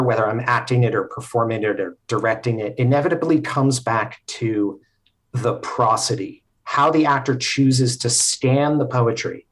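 A man talking as a podcast guest at a mid-range pitch. He explains things thoughtfully and casually, pausing on frequent fillers as he works through a story.

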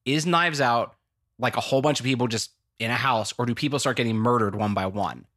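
Bright-voiced rambling American man. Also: mid-range voice, brisk. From United States. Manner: animated, rambling, frequent restarts. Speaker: podcast co-host. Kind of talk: casual movie chat.

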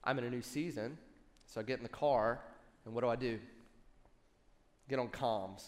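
A worship pastor in his thirties preaching a sermon, telling a personal story with lively asides to the congregation. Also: medium pitch, normal speed, long reverb tail. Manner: animated storytelling with audience asides.

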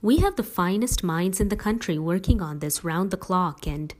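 A woman's voice: on the low side, animated, moderate pace. A woman voicing a tired, protective middle-aged father in a read-aloud story, speaking earnestly and firmly.

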